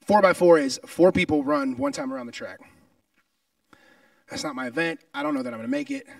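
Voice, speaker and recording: A man preaching a sermon, telling a personal story in an animated way and acting out its scenes. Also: high-pitched, brisk, vocal fry, no echo, recorded from a distance. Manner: animated, acts out scenes and voices in his story.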